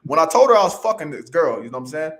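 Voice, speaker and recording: A man's voice: a little high, sing-song, racing, a bit bright, a little hiss or hum. A man in casual podcast debate, telling a story bluntly with heavy profanity.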